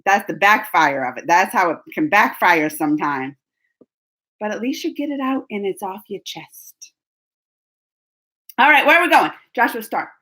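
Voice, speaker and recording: On a casual livestream, a young woman hosting her own channel fields viewer questions in a chatty, animated way, laughing frequently and starting sentences over. Her voice sits at medium pitch and moves at a moderate pace with frequent pauses.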